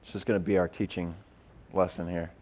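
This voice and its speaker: A man preaching a sermon, animated and repeating phrases as he builds, acting out voices when he tells personal stories. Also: low-pitched, fairly quick. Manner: acts out voices in his stories. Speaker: pastor.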